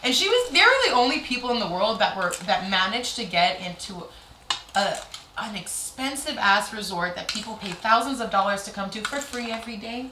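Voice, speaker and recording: A woman's voice: medium pitch, a little fast, background noise. A young adult woman, a stand-up comic, telling stories in a casual chat and swearing freely. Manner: animated storyteller, swears freely. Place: kitchen. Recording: roomy kitchen with clattering dishes.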